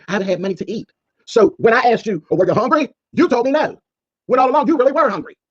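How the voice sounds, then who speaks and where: A man's voice: high-pitched, dull audio. A man delivering a sassy, scolding call-out rant as a streamer, mocking his target. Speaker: commentary streamer.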